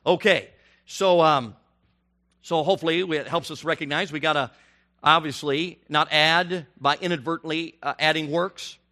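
A middle-aged man preaching a sermon, animated and rising to near shouts on his emphatic questions. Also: a little high, normal speed.

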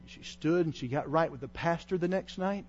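Male evangelist, high voice, fervent pulpit delivery with bursts of shouting; muffled lo-fi audio. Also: normal speed, a little hiss or hum. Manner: impassioned, rising to shouts. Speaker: traveling evangelist preacher. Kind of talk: sermon.

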